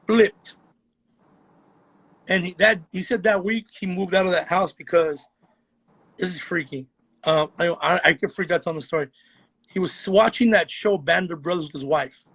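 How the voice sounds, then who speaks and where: A man's voice: high-pitched, moderate pace, long pauses, fairly bright tone, husky. A man, a guest on a podcast, telling an eerie story in casual chat with an earnest manner.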